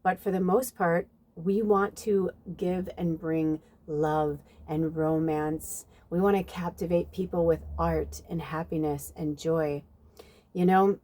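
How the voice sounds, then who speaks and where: A woman's voice: lowish voice, fairly even intonation, slow pace, warm tone. A woman giving a casual channeled spiritual reading, chatty and rambling with many fillers, talking outdoors at night. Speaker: tarot reader.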